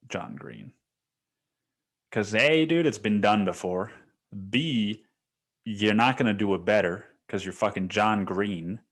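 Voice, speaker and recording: A young man hosting a podcast, talking alone in a rambling, profane, casual way and saying "dude" often. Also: on the low side. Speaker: podcast host. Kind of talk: casual solo monologue.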